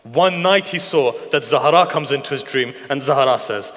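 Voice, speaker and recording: A man's voice: medium pitch, moderate pace, a bit bright, long reverb tail. A man delivering a mourning sermon at a religious gathering, telling the story with passion and asking the listeners questions. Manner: impassioned storytelling, asks the audience questions. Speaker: majlis speaker.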